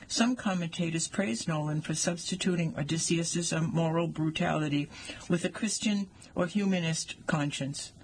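A speaker reading articles aloud in an even, measured way. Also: mid-range voice, creaky, a little hiss or hum, low-quality recording. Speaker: reader of articles.

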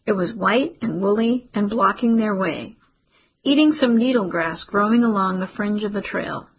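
Husky, gravelly woman narrating. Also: mid-range voice, poor audio. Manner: steady, measured storytelling. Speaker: audiobook narrator. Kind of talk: scripted narration.

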